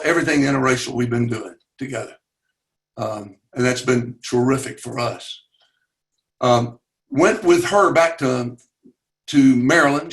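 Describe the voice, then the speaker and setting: Older Southern man telling stories. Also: mid-range voice. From Chattanooga, Tennessee. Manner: earnest, halting with fillers, voice rises at dramatic moments. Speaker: webinar guest speaker. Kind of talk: personal storytelling.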